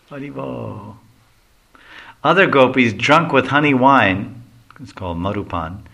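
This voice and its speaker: A man's voice: mid-range voice, pushed and bright. A man reading a devotional story aloud, adding casual asides to explain. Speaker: reader.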